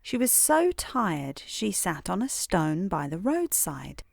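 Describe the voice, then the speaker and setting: A British woman reading a bedtime story in a calm, soothing, unhurried way. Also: fairly low pitch, gravelly, no room sound, studio quality.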